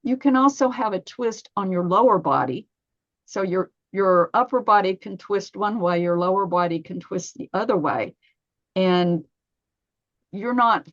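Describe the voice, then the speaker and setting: Woman in her fifties, podcast guest, storytelling; mid pitch, dry and slightly dull sound. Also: no room sound. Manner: storytelling, acts out her own inner dialogue. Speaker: massage therapist guest. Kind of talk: podcast interview.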